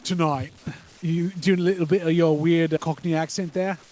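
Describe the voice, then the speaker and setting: A man's voice: a little high, steady tone, moderate pace, a little mellow. A man co-hosting a podcast, chatting casually and enthusiastically, rambling about what he likes. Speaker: podcast co-host. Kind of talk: casual chat reacting to wrestling.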